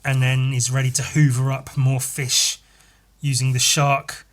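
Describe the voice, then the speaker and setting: A man hosting a casual solo podcast, swearing freely and telling a story panel by panel in an animated way. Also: medium pitch, unhurried. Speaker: podcast host.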